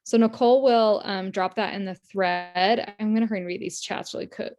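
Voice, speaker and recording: A woman team leader gives a casual, earnest motivational talk on a video call, chatting, telling stories, and acting out quoted lines. Her medium-pitched voice is steady in tone, a little mellow, and a little fast.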